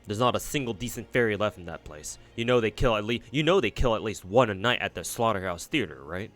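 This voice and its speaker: A man's voice: on the low side, lively intonation, fast talker, fairly bright tone, soft background music. A man voicing a smug male fairy knight who mocks and gossips, reading aloud from a game. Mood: sneering.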